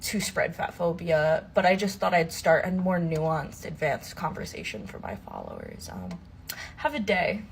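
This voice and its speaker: Lowish-voiced woman explaining stuff earnestly to her followers, bit of hiss in the clip. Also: huge pitch swings, measured pace, gravelly. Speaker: social media video creator. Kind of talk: recorded video monologue.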